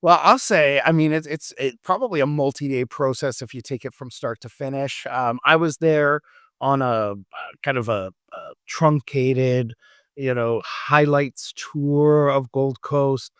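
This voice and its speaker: Man from Canada, travel podcast co-host, halting chatty delivery, dead dry sound. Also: medium pitch, a bit bright, clear, resonant tone, dry recording. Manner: rambling, many fillers and restarts. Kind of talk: casual travel podcast chat.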